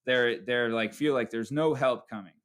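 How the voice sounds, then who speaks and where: A man's voice: medium pitch, normal speed, fairly bright tone. A man hosting a podcast, telling a story casually and profanely, tagging lines with "right?". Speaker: podcast host.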